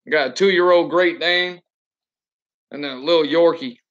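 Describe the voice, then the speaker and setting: A high-voiced, bright-sounding man, a trucker, vents bluntly and cusses freely while chatting on a home stream. His voice comes through a computer webcam and sounds muffled and lo-fi. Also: moderate pace. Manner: blunt and profane, ranting. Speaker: truck driver. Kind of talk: casual livestream chat.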